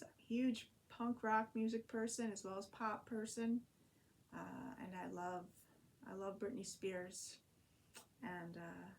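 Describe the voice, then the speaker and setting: A woman talking casually in a diary-style vlog, rambling and chatty with frequent fillers and restarts. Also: medium pitch. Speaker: vlogger and online French teacher.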